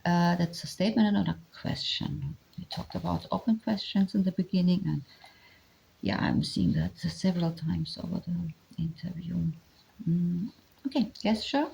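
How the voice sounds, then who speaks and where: A woman with a German accent explaining ideas step by step, with many pauses and fillers. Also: fairly low pitch, creaky, darkish tone, a little hiss or hum, rough recording. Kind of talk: explanatory talk on communication.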